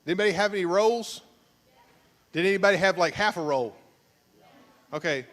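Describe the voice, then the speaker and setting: Joking pastor hosting a church game. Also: male voice, high-pitched, brisk. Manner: joking, teasing, animated. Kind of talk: playful game show hosting. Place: church sanctuary, at the altar. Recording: long church hall reverb.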